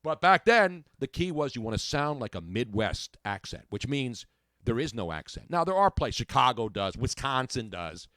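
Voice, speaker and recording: Man, radio host, brash joking banter, lively pitch, dry close sound. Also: normal speed, no echo. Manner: brash, joking, animated storyteller. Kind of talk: casual on-air banter.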